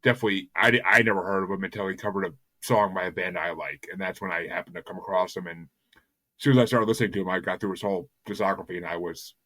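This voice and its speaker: A man's voice: low voice, steady tone, fast, pushed and bright, dry recording. A man hosting a music podcast in casual chat, rambling and enthusiastic, often stumbling over repeated words. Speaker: podcast host.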